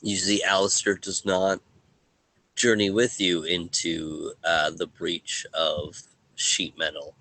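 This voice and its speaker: A man narrating a tabletop game as game master, in a halting way that pauses often. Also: low-pitched, level tone, bright, forceful tone, low-quality recording.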